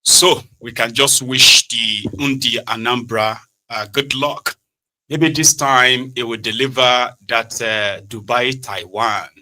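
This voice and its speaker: Nigerian male host, very bright edgy tone, sarcastic casual commentary. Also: mid-range voice, fairly even intonation, slow, rough recording. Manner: chatty, sarcastic, with many "right?" tags. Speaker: political talk show host.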